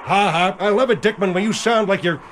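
A man's voice: high voice, brisk, fairly bright tone, slight background noise. A male radio co-host in a comedy bit, teasing the caller with needling questions.

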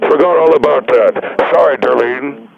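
An actor playing a defensive male yoga doctor in a radio comedy sketch, indignant and quick to take offense. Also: mid-range voice, gravelly, natural voice. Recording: muffled radio broadcast with crowd noise.

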